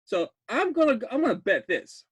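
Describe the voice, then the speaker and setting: A man excitedly recapping a bad horror film, rambling, laughing often and breaking into loud disbelief. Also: very high voice, moderate pace, breathy edge, no echo. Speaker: podcast host recapping a film.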